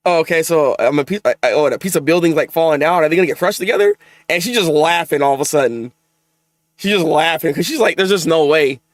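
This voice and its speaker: A man hosting a live manga reaction, excitable and exasperated, with frequent restarts and repeated words. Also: a little high, no echo, studio quality. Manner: excitable, exasperated, talks fast with many restarts.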